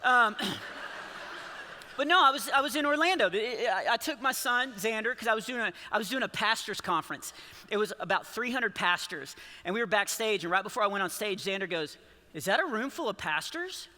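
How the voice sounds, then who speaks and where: A man in his forties performs a stand-up comedy set in a large church auditorium. His voice sits high and very bright, and he keeps restarting his sentences with small chuckles. A long hall reverb trails after his words. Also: moderate pace. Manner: rambling, self-interrupting, chuckling storyteller.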